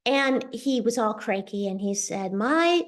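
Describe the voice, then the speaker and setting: A middle-aged woman hosting a show, telling a personal story in a chatty, animated way over a video call. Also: mid-range voice. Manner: chatty, animated, quick asides. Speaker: host sharing a personal testimonial. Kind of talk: casual storytelling.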